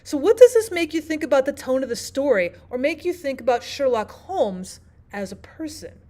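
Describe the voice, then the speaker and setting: This is a language arts teacher, a woman with a slightly high voice, teaching literature at normal speed. Her manner is steady and classroom-like as she explains points clearly and keeps asking the listener questions.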